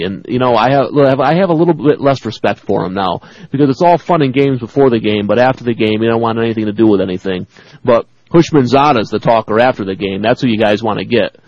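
A man co-hosting sports talk radio, reading listener emails and laughing between lines. His voice sits at an everyday pitch and comes through a dull, dry studio feed. He talks in a loose, joking way. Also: brisk, darkish tone, dry recording. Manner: laughs often, reads emails aloud.

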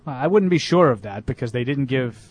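A man co-hosting sports radio in the studio, with a plain middle-pitched voice. He keeps his remarks matter-of-fact and chimes in during the banter. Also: expressive, fairly quick, highs cut off.

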